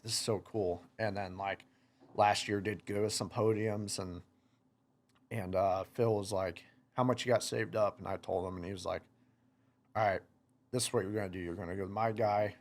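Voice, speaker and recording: A man's voice: fairly low pitch, a bit bright. Laid-back young man rambling through a story. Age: 20s. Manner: rambling, many "like" fillers, quoting himself. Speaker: guest, motocross racer. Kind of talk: casual podcast storytelling.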